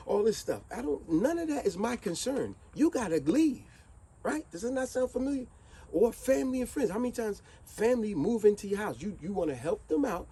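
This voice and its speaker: A streetwise man speaks straight to camera in a preachy, animated monologue. His pitch swoops and climbs often. His voice is slightly high yet soft and mellow. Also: a little fast, breathy edge, poor audio. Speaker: vlogger. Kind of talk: motivational monologue with fable.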